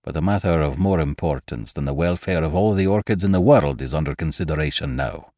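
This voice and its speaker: A man voicing a grave doctor who speaks quietly and measuredly. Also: rumbling low, fairly quick, no room sound, clean studio sound. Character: calm, grave male doctor.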